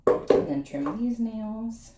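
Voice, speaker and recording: A woman's voice: fairly high pitch, animated, slow pace, dark tone. Chatty woman grooming her dogs, echoey room. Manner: chatty, teasing, talks to the dog and viewers in turn. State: sweaty from the effort. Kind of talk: casual chat while working. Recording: echoey room with faint clipper hum.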